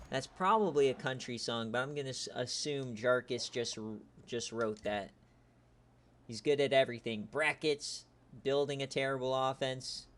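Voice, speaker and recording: A man giving casual, joking live-stream commentary on a league game as its host, teasing players and getting loud and excited at big plays. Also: mid-range voice, moderate pace.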